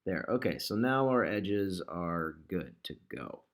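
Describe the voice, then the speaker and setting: A low-voiced man with a gravelly edge to his voice walks through his design work in a relaxed screen-recording tutorial. He thinks out loud as he goes and talks to the shapes on screen as if they could hear him. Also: measured pace. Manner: thinks aloud, chatty, talks to objects on screen. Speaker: digital marketer demonstrating ad design.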